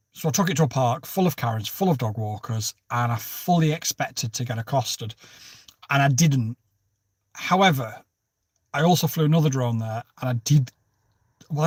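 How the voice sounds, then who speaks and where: A man's voice: mid-range voice, breathy edge, no room sound, clean studio sound. A man hosting a casual livestream, chatting and joking as he answers viewers' comments. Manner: chatty, jokey, jumps between topics and greets viewers by name. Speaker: livestream host.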